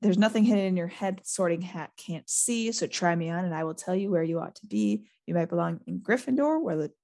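A woman voicing a wise, teasing old talking hat while reading a novel aloud, in a soft, musing manner. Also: lowish voice, brisk, lightly acted. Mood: sing-song.

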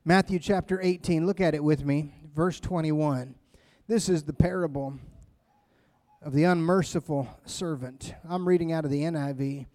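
High-voiced man preaching a sermon. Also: moderate pace, mellow, no room sound, clean studio sound. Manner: emphatic, conversational preaching with repeated phrases. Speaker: pastor.

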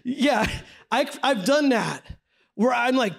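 High-pitched man leading a Bible study class, energetic and chatty, quizzes his listeners as he goes. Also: slow pace, creaky. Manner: energetic, conversational, asks the group questions. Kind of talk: classroom teaching with slides. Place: classroom with a group.

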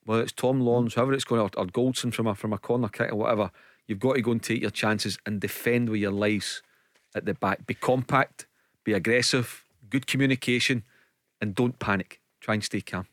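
A male football pundit speaks on a studio radio show. His voice is on the low side and close-miked and dry. He talks in measured terms and often repeats words as he goes. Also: steady tone, a bit bright, no echo. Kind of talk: casual radio sports chat.

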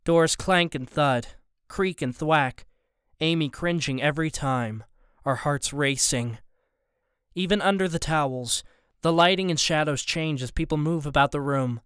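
A man narrating a first-person story as an audiobook narrator, steady and even. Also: a little high, a little slow, clean tone, no echo, studio quality.

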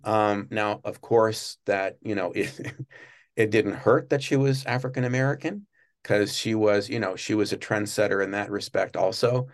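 A man being interviewed, telling long, rambling stories about his work at a TV studio and breaking into quick impressions of people. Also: fairly low pitch. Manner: rambling, many restarts, animated when mimicking others. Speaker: guest recalling work at a TV studio. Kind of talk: casual interview storytelling.

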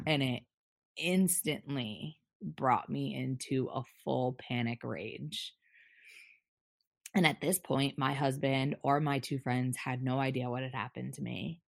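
A young adult woman telling a personal story as a podcast guest, candid and halting, with many restarts. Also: extremely low pitch, creaky, dry recording, studio quality.

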